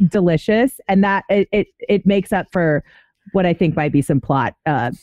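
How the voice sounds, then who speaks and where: A woman's voice: fairly low pitch, normal speed, a little mellow, no echo, clean studio sound. A woman co-hosting a casual pop-culture chat, rambling with many fillers like "like". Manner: rambling, heavy use of like. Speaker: podcast co-host.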